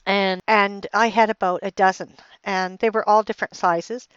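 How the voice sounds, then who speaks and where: A middle-aged woman hosts a podcast, telling a personal story in a rambling way full of restarts and fillers, growing heated and emphatic as she retells her anger. Her medium-pitched voice is level and clean at a normal speed, on a dull, lo-fi, dry recording.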